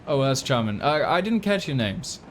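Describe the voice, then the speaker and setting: A man's voice: mid-range voice, very animated, brisk, slight background noise, lightly acted. A man voicing a grieving widowed father who is earnest and folksy, talking in a rambling, stammering way. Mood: friendly.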